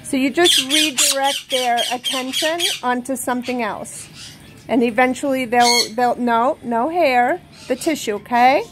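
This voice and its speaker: A woman's voice: high-pitched, unhurried. A woman vlogging at home with her parrots, laughing often and cooing to her bird in baby talk. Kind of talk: casual vlog talk. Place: home with pet birds. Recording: noisy, squawking birds behind.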